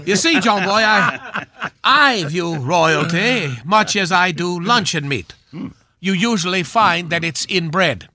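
A man playing a pompous, knighted swashbuckling film star of a certain age, speaking in a grand, drawn-out theatrical manner on a radio comedy bit. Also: sits high, lively intonation, bright, forceful tone, exaggerated voice. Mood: droll grandiose.

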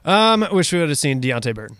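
Male co-host, opinionated and chatty, mid pitch, dry recording. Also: big pitch swings, fairly quick, a bit bright, smooth, no room sound. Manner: opinionated, repeats himself. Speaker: sports show co-host. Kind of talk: casual sports chat.

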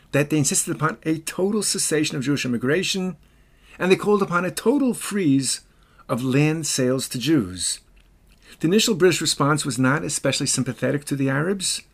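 Male podcast host, slightly high voice, dramatic and emphatic storyteller. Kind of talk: scripted commentary and storytelling.

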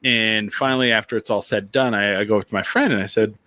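A man hosting a podcast, telling stories in a casual, lively way and slipping into voices when he quotes people. His voice is bright and forceful, recorded close and dry. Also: fairly low pitch, fast talker, dry recording. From near the Texas border, eastern New Mexico. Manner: animated storyteller, does voices in quotes. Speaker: podcast host. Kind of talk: casual chat, storytelling.

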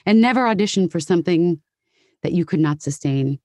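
A middle-aged woman voice actor talking in a casual interview, animated and quick to break into voices. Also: on the low side, no room sound. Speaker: guest voice actor.

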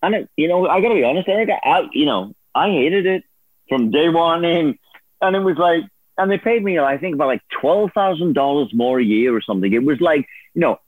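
A man's voice: a little high, animated, fairly quick, dry recording. A man telling a story as a guest in a casual interview, laughing often and acting out other people's voices. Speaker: guest, former producer turned on-air host. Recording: dry tinny phone-like line.

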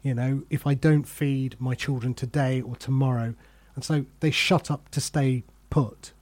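A man's voice: mid-range voice, fairly even intonation, measured pace, a little mellow. A middle-aged man hosting a podcast, chatting casually and telling self-deprecating stories from his career. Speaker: podcast host. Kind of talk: casual conversation.

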